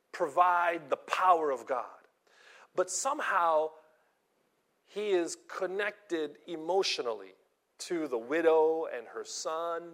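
A man's voice: on the high side, a bit bright. A man preaching a sermon earnestly, acting out the voices he quotes and often repeating himself.

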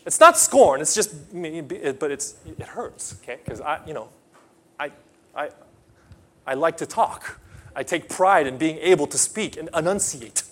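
A man preaching a sermon, emphatic, swinging between loud outbursts and quiet asides; English is not his first language. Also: fairly high pitch, expressive, measured pace, slightly rough. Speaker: pastor.

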